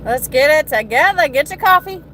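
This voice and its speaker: A woman's voice: high-pitched, expressive, moderate pace, sharp tone, a little hiss or hum. An American woman hosting a casual morning coffee chat from her truck cab, greeting viewers by name. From United States. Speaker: trucker livestream host.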